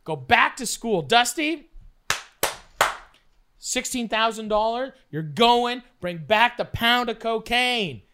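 A man's voice: very high voice, animated, slow pace, noisy background. A man telling a long, profane story in casual chat, acting out the quotes along the way. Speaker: storyteller guest. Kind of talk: casual storytelling while playing cards.

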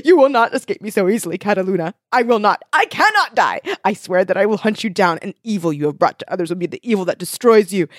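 A woman's voice: medium pitch, expressive, fast talker, hardly any pauses, no echo, clean studio sound, close to an everyday voice. A woman reading aloud as a wounded young man who defiantly swears revenge, in a melodramatic way.

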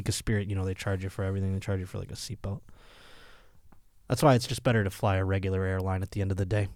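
A man's voice: low-pitched, steady tone, racing, darkish tone, no room sound, clean studio sound. A man hosting a comedy podcast, reading odd news stories with crude, mocking asides and frequent laughter. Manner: puts on voices for quoted people. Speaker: podcast host. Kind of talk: casual comedic news commentary.

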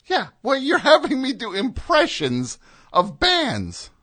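Brief: male call-in host, dry and skeptical, slow delivery with a lively pitch. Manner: dry, skeptical, short replies. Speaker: radio host. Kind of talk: comedic call-in radio.

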